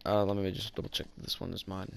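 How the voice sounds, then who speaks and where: A man's voice: low voice, flat delivery, fast talker, gravelly, slight background noise. A man giving casual game commentary, chatting and talking back to the characters on screen. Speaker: gaming channel host.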